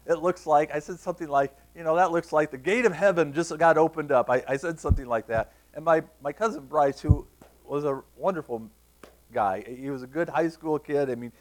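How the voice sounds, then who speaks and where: A man, preaching a sermon and telling a personal story, tearing up at times. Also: on the high side. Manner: storytelling, animated, emotional. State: tearful. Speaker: pastor.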